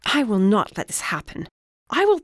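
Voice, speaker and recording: A woman's voice: medium pitch, sing-song, moderate pace, slightly rough, no echo, studio quality, voice pushed up. A woman voicing a stern, disapproving middle-aged witch mother with a clipped, imperious manner in an audiobook. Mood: threatening.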